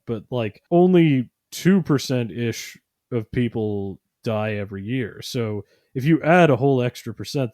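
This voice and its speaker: A man's voice: medium pitch, a little mellow, no echo, clean studio sound. A man co-hosting a podcast, rambling in casual chat with lots of fillers and sarcastic mock voices. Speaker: podcast co-host.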